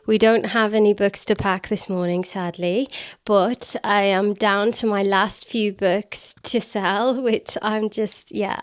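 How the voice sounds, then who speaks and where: A woman vlogging from her living room at home in a chatty, self-deprecating way, laughing often and slipping into soft baby talk with her dog. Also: medium pitch. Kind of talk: casual vlog chat.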